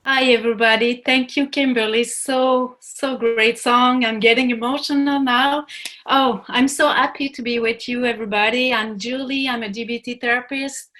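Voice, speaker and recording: A psychiatrist and therapist from Quebec with a Quebec French accent, speaking haltingly with many fillers to an online event. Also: female voice, a little high, steady tone, fairly bright tone.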